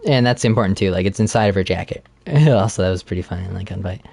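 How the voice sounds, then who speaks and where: A man co-hosting a casual podcast, chatting while playing a game and retelling a plot with animated laughter. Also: low-pitched, fast talker, gravelly. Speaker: podcast co-host.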